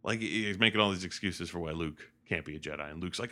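He speaks fast in a low voice, with hardly any pauses. As a podcast host, he recaps a film animatedly, swearing, laughing and slipping into character voices.

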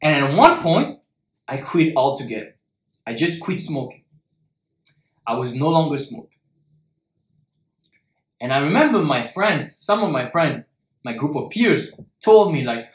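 A man speaks in an earnest self-help coaching voice and hammers key words through repetition. His voice sits a little high for a man. The sound rings with a roomy echo. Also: big pitch swings, unhurried, pauses often. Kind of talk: motivational talk to viewers.

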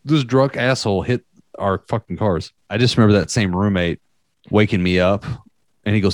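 A man's voice: lowish voice, moderate pace, no echo, studio quality. A young man telling a story in casual chat, rambling and profane, with many fillers.

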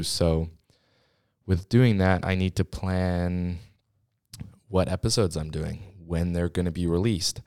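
A man's voice: deep voice, a little mellow, clean tone, dry recording. A young man hosting his own podcast from a school studio, chatting casually and rambling, often running out of breath as he talks. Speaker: podcast host. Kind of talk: casual solo podcast chat. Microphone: studio microphone.

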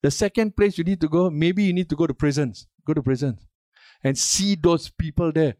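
A man's voice: fairly high pitch, normal speed, mellow, no echo, studio quality. An older man preaching a sermon as a pastor, emphatic and asking the congregation questions for response.

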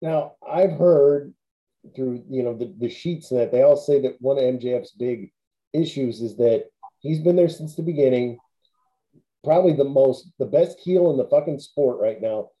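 Dark-voiced opinionated podcast host man. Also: medium pitch, normal speed. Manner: opinionated, swears casually. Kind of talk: casual chat. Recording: dull lo-fi audio.

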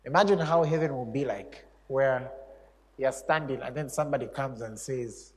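Male preacher, mid pitch, chatty storytelling sermon, hall echo. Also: normal speed. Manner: conversational storytelling, chuckles often, animated. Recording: echoey hall reverb.

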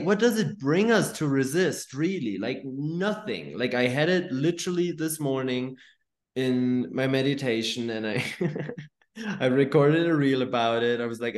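A man's voice: mid-range voice, moderate pace. Give me a man in casual podcast chat, cussing freely, in an echoey room. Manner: swears freely, many fillers and restarts. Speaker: podcast host. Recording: roomy echo.

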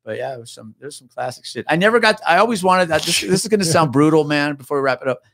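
A man's voice: on the high side, expressive, quick pace, vocal fry, fairly bright tone, a little hiss or hum. A man, a retired police officer, telling a story as a podcast guest in casual talk, swearing freely and laughing as he goes.

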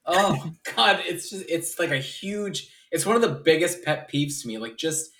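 A man's voice: a little high, animated, normal speed, a bit bright. A man co-hosting a podcast in casual chat, ranting in exasperation and swearing freely. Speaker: podcast co-host.

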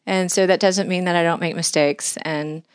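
A woman's voice: on the low side, steady tone, moderate pace, clear, resonant tone, dry recording, studio quality. A middle-aged woman telling long, heartfelt stories as a podcast guest, earnest and sincere. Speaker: podcast guest, angler and mission leader. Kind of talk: conversational storytelling.

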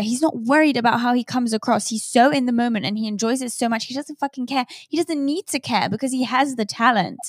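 A woman's voice: on the high side, quick pace, hardly any pauses, no room sound, clean studio sound. A young woman co-hosting a casual gossip chat, blunt and judgy, swearing freely. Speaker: podcast co-host.

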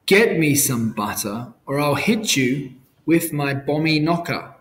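A man's voice: a little high, expressive, measured pace, a bit bright. A man voicing a hungry, bossy male giant who makes demands and threats in a storybook reading. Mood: demanding.

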